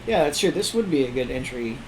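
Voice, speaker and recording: A man's voice: medium pitch, animated, quick pace. A man co-hosting a podcast, chatting casually about beer with an easygoing manner and dry jokes. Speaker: podcast co-host. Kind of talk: casual chat while tasting beer. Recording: noisy room with air conditioner hum.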